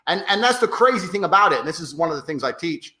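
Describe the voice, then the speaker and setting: A man's voice: a little high, big pitch swings, fast, sharp tone, roomy sound. A man, talking in a brash, profane, emphatic way in a casual podcast conversation. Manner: brash, profane and emphatic, acts out others' voices. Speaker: podcast guest.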